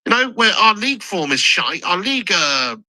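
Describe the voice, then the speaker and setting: A man giving excitable, sweary live commentary on a football match as a channel host, shouting at chances and goals. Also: sits high, moderate pace, no room sound, poor audio.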